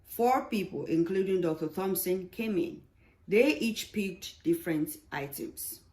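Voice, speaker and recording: A woman reads the stage directions of her own play in an unhurried, deliberate manner. Her voice sits on the lower side and the pace stays very slow and even. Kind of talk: read-aloud play narration.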